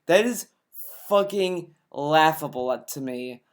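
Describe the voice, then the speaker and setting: A man's voice: fairly high pitch, expressive, takes it slowly. Exasperated, sweary man ranting. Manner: exasperated, sarcastic, heavy swearing. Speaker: commentator reacting to a video. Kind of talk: profane reaction commentary.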